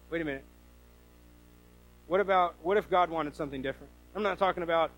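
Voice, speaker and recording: A pastor preaching a sermon in a high voice for a man. He keeps it conversational, restarting phrases and asking the congregation rhetorical questions. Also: fast talker, long pauses, fairly bright tone, poor audio.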